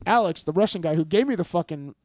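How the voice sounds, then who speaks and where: High-voiced man telling a wild story. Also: fast talker, no echo, clean studio sound. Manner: animated, profane storyteller acting out quotes loudly. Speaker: fighter and podcast guest. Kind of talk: casual storytelling chat.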